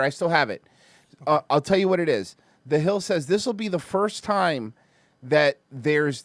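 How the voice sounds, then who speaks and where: High, lively man ranting casually. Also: no echo. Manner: animated, profane storytelling with many fillers. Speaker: podcast host. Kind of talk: casual chat.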